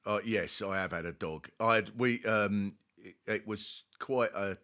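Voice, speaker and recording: A middle-aged man hosting a comedy podcast, telling stories in an animated rant with sudden yelps and swearing. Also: on the low side, unhurried. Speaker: podcast host. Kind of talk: comic conversation.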